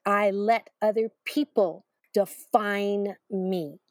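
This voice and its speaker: This interview features a middle-aged author recounting her personal story in an emphatic, repetitive way, laced with self-deprecating humor. Her mid-range voice is unhurried, and no room sound is present.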